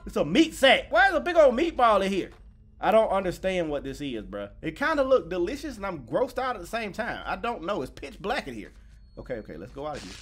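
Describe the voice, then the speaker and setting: A young man casually commenting on a horror game, slangy and jokey, yelping when startled and mumbling low when nervous. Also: huge pitch swings, fairly quick, faint music behind. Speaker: gaming YouTuber. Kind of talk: casual let's-play commentary.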